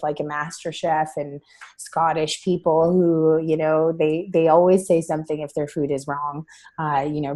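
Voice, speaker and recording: Low, mellow-voiced woman chatting. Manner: relaxed, hesitant, with fillers and restarts. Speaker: talk show co-host. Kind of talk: casual chat.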